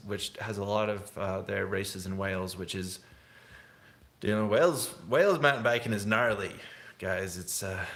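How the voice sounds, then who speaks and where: Man, young, low-pitched voice, rambling live-stream chat, laid-back, laughs a lot. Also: fairly bright tone. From England. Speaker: snowboard vlogger hosting a livestream.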